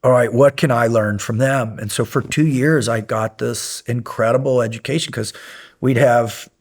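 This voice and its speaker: A man's voice: mid-range voice, moderate pace. A middle-aged man, a former military instructor, telling stories casually in an interview, rambling with many fillers and swearing when he gets worked up. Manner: rambling anecdotes with many fillers, profane and animated when recounting yelling. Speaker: podcast guest, former SEAL instructor.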